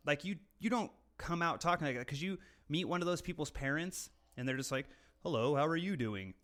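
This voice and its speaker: Man, podcast co-host, slightly higher voice, casual profane rambling, from California. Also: fairly quick, a bit bright. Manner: rambling, swears freely, mimics accents for laughs.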